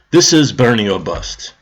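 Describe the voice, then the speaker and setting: A man hosting a live stream, delivering a sarcastic political rant, mocking others and swearing. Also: medium pitch.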